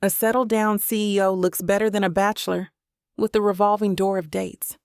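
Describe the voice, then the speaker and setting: A woman's voice: medium pitch, level tone, moderate pace, clear, resonant tone, no echo, clean studio sound, lightly acted. A woman reading the lines of a smug, confident male billionaire executive in an audiobook, cool and matter-of-fact. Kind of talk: audiobook character dialogue.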